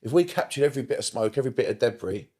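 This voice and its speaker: A middle-aged man, a therapist guest on a casual podcast, talking in an animated way, swearing often and repeating himself for emphasis. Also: mid-range voice, very fast. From United Kingdom.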